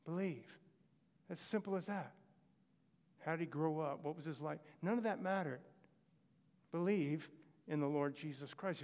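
A man's voice: a little high, a little mellow, big-room sound. A man preaching a sermon, telling Bible stories and acting out short exchanges between characters.

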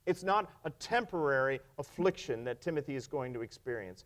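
A man's voice: mid-range voice, animated, a little fast. A male pastor preaching a sermon, emphatic and wry, asking the congregation rhetorical questions. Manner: wry humor.

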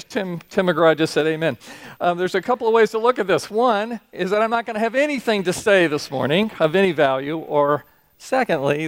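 A middle-aged man with a slightly higher voice delivers a relaxed, self-deprecating sermon, slipping into lively voices for his stories. The sound is dry and close. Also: dry recording. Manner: conversational, self-deprecating, animated storytelling voices. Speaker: pastor. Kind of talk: sermon with humorous anecdotes.

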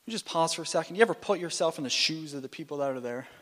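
A man preaching a sermon with animated, playful delivery, often restarting and repeating phrases. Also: a little high, rapid-fire. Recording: long reverb in a hall.

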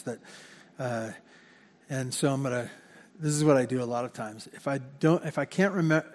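A man preaching a sermon as pastor in a church, talking in a conversational way and often repeating words as he corrects himself. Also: medium pitch. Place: church sanctuary. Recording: long hall reverb.

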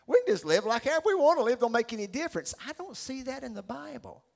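A middle-aged pastor preaching a sermon, animated and acting out the characters he describes. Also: very high-pitched, fast talker, gravelly. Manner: animated storytelling, acts out voices.

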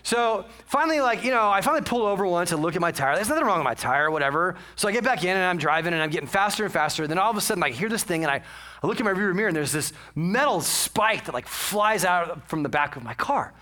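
A man's voice: sits high, animated, fast, bright, forceful tone. A man preaching a sermon in a casual, chatty storytelling way, self-mocking and full of asides. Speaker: pastor.

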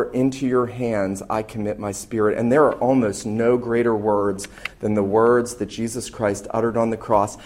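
A pastor in his thirties, a man, preaching a sermon in an earnest, emphatic way, slowing down to stress key phrases. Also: medium pitch, darkish tone.

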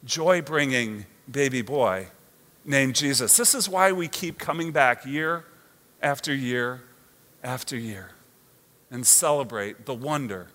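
A man preaching a sermon, conversational and expressive, often checking in with the listeners. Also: mid-range voice, takes it slowly, long reverb tail. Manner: expressive, conversational, asks the audience "right?". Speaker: pastor.

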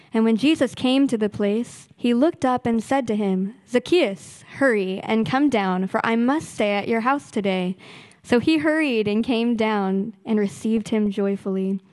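A woman reading a Bible passage aloud to a church congregation in a steady, deliberate way. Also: a little high, no room sound. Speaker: scripture reader.

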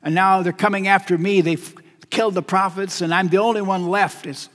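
A man's voice: high voice, fairly even intonation, fairly quick, fairly bright tone, pitched above the performer's own voice. A male preacher voicing the prophet Elijah as an anguished, lonely man pouring out his lament in rising, pleading bursts. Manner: pleading, rising emphatic outpouring. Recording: long hall reverb.

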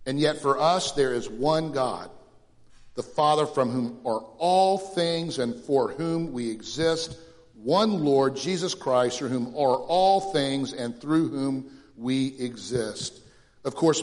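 A male pastor preaching a sermon dramatically, rising to loud questions and dropping to hushed lows. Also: big-room sound.

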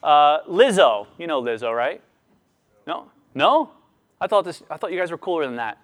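A man preaching a sermon as a pastor, speaking expressively with lively rises and drops. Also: fairly high pitch, moderate pace.

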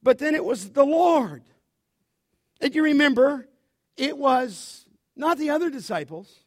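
A man preaching a sermon as pastor, animated, often asking his listeners to finish his sentences. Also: extremely high pitch, a little slow, no room sound, studio quality. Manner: animated preaching, asks the congregation to fill in words.

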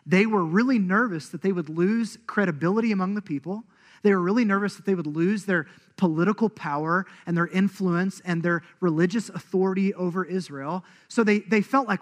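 Animated preacher, man, higher voice. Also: fairly quick. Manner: animated, acts out quoted voices. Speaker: pastor. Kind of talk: sermon.

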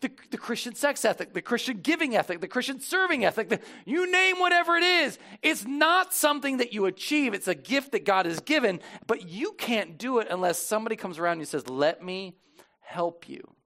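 A middle-aged man preaching a sermon as pastor, chatty and self-deprecating, with many restarts, turning quiet and solemn for communion. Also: very high voice, big pitch swings, a little fast. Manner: conversational, self-deprecating, with frequent restarts and fillers.

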